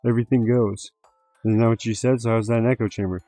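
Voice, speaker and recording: A man's voice: mid-range voice, level tone, fast talker, warm tone, faint music behind. A man hosting a casual livestream, rambling and swearing with lots of fillers. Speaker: livestream host.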